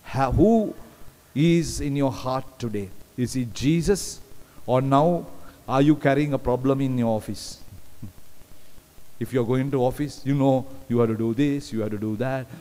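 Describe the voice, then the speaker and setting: A man delivers a sermon, repeating phrases and pressing the congregation with questions. His mid-pitched voice carries a long reverb from a large hall. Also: measured pace, dark tone. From Sri Lanka. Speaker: preacher.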